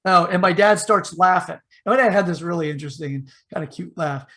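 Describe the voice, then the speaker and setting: A man with a slightly higher voice spins a long tale in a loose, rambling way, full of fillers and restarts. He slips into the voices of the people in his story as he goes, keeping the feel of a casual podcast chat. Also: quick pace. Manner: animated retelling, acts out the voices in his story. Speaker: podcast host telling a story.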